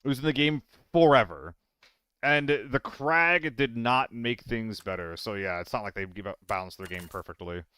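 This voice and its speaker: A man giving casual commentary while streaming a game, rambling and answering chat, with hiccups and throat clearing. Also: medium pitch, normal speed, sharp tone, no echo, studio quality.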